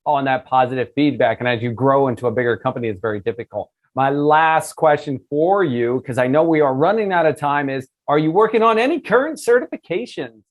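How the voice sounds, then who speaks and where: A man's voice: medium pitch, fairly quick, hardly any pauses. A man hosting an interview podcast, talking in a casual, enthusiastic way and asking long, rambling questions. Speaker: podcast host.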